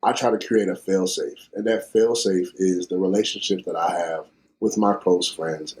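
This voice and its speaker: A man's voice: sits low, steady tone, normal speed, darkish tone. A man hosting a podcast, talking reflectively and thinking aloud in casual conversation. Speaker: podcast host.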